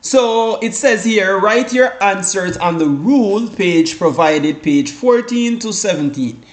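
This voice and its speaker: This Caribbean tutor speaks slowly in a high voice with lively intonation, leading a casual exam-prep lesson in an echoey room. Fillers, restarts, and frequent "guys" and "all right" fill his rambling delivery.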